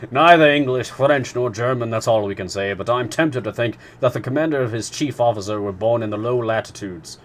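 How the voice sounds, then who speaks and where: A man's voice: mid-range voice, a little fast, few pauses, slight background noise, close to an everyday voice. A man reading a novel aloud, voicing a learned professor who speaks emphatically and exclaims. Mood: emphatic.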